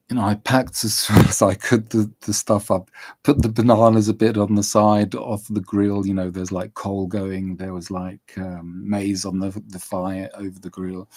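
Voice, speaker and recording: A man tells a story to his camera in an unhurried, meandering way. His voice sits a little low and the sound is dry and close. He chuckles often and leans on fillers as he goes. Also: darkish tone, dry recording. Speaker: vlogger. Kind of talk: casual storytelling.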